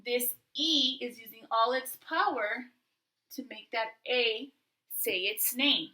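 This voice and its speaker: A woman teaching a remote phonics and reading lesson, speaking slowly and patiently and spelling out sounds for young children. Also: fairly high pitch, pushed and bright, low-quality recording.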